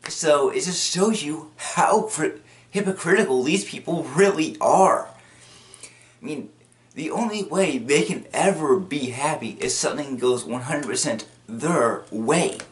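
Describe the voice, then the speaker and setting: A video commentator whose voice sits on the high side talks a little slowly as he casually recaps a cartoon episode. He rambles and repeats, restarts many times and bursts into performed quotes.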